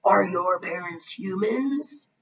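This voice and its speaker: Woman reading aloud as a homeless storybook ghost: eerie, raspy, slow, muffled. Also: mid-range voice, lively intonation, distant mic. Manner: slow, drawn-out. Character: sad, queasy, homeless male ghost.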